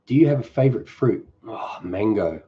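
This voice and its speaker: Lively in intonation and speaking at normal speed, this low-voiced man runs a casual live-stream Q&A for a cooking channel, with dull audio. He voices viewers' comments and responds in a relaxed, improvised way.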